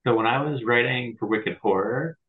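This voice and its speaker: A man hosting a podcast, chatting in a relaxed, enthusiastic and joking way. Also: mid-range voice, moderate pace. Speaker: podcast host. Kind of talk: casual podcast chat. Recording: tinny phone-like call line.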